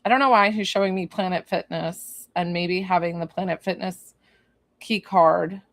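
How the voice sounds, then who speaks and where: A woman's voice: fairly low pitch, fairly even intonation, moderate pace, dry recording. A woman working as a psychic medium, giving an informal one-on-one reading and thinking aloud with lots of fillers. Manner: bursts into laughter.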